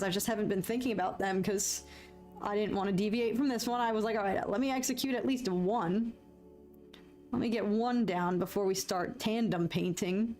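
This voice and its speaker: A woman's voice: mid-range voice, a little mellow. A woman, chatting casually with her livestream viewers, laughing often and poking fun at herself. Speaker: livestream host.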